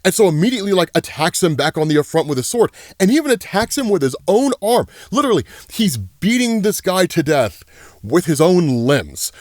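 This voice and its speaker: A man recaps a comic in a casual, excited way, full of "like" and "right?". His voice sits fairly high and swings a lot in pitch. The sound is dry and close. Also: no room sound. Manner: casual, filler-heavy, excited. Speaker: comic book explainer.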